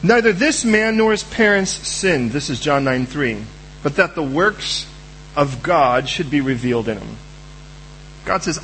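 A man preaching a sermon, acting out both sides of conversations with God in lively voices. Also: on the high side, unhurried, slight background noise, poor audio. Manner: animated, acts out both sides of dialogues with God.

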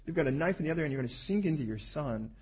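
A man's voice: a little high, expressive, racing, darkish tone, a little hiss or hum. A middle-aged man, a pastor, preaching a sermon in a conversational, emphatic way.

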